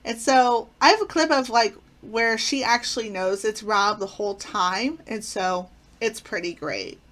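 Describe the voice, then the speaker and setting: A woman's voice: a little high, measured pace, a bit bright. A woman casually reviewing favorite sitcom episodes, retelling plots with enthusiasm and frequent fillers. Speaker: channel host.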